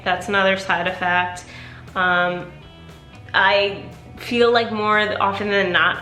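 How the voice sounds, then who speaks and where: A tired woman talks candidly into her vlog camera, rambling and full of fillers. Her voice is bright and clear, and the room around her is echoey. Soft music plays faintly underneath. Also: medium pitch. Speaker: vlogger. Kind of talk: casual personal vlog talk.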